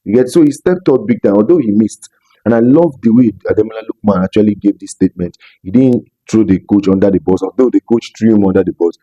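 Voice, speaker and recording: A man from Nigeria delivers pointed commentary straight to his viewers. His voice sits low and very dark, recorded dry and close. He talks emphatically and repeats phrases to drive each point home. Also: quick pace, dry recording, highs cut off. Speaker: commentary vlogger. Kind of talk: opinion commentary vlog.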